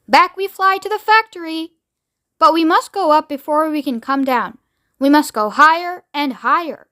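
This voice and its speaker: A woman voicing an eccentric, excitable older male candy maker who talks in high, grand exclamations. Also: moderate pace. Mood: excited.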